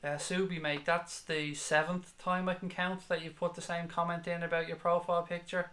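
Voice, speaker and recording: A man's voice: fairly high pitch, level tone, moderate pace, bright, forceful tone. A man who hosts a football fan channel and chats bluntly while reading out viewers' comments on a live stream. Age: 30s. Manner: blunt, sweary, passionate. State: has a headache.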